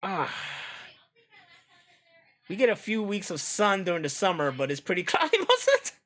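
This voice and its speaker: Bright-voiced American man chatting loosely. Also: sits high, wildly swooping pitch, moderate pace. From United States. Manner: loose and profane, laughs often. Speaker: streamer. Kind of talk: casual chat reacting to videos.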